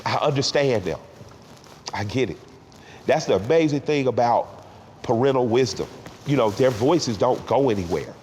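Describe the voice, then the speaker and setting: A man's voice: medium pitch, lively intonation, darkish tone, long reverb tail, slight background noise. Emotional man recalling his family, voice catching. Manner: heartfelt, pauses and repeats words when moved. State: tearful at times. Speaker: interview guest, rapper. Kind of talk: emotional reflective interview talk.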